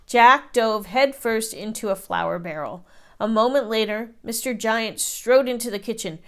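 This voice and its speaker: A woman teacher reads a children's picture book aloud, telling the story expressively. Her pitch is fairly high and her pace measured.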